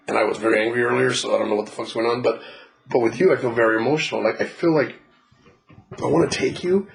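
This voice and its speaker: Heard on a low-quality recording, a spiritual reader with a mid-range voice and vocal fry gives a client a casual reading. He doesn't mince words, swears freely, laughs, and acts out quotes.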